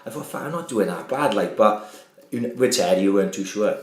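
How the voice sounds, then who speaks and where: A man co-hosting a boozy podcast chat, swearing freely and telling lively anecdotes. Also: fairly low pitch, quick pace. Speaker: podcast co-host. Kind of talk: boozy casual chat, storytelling. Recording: echoey room.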